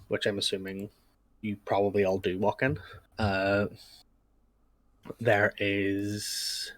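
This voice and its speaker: A man runs a tabletop game and describes the scene in a relaxed, rambling way, full of fillers. His voice sits low and he talks slowly. The recording is dry and close. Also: no room sound. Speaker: game master.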